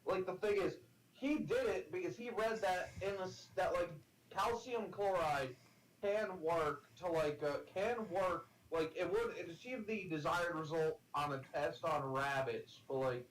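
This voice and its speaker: A man co-hosting a game stream who tells a rambling story full of fillers and restarts. His voice sits a bit high, with faint noise behind it. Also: measured pace, low-quality recording. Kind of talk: casual chat on a game stream.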